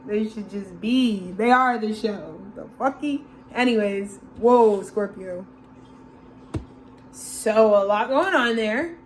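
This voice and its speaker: A woman's voice: medium pitch, lively intonation, slow, slight background noise. A woman giving a casual, channeled tarot reading, slangy and loose, calling listeners bro and laughing often. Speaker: tarot reader.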